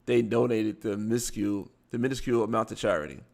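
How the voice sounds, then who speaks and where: Gravelly man with a Baltimore accent. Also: fairly low pitch, fairly even intonation, quick pace, a little mellow. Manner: reads articles aloud, stumbling over words and adding blunt asides. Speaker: live show host. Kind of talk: casual live commentary reading news aloud.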